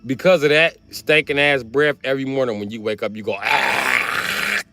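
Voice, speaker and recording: A man, telling crude comedic stories on a livestream and swinging between loud outbursts and muttering. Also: medium pitch, quick pace, over music. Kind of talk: rambling comedic storytelling.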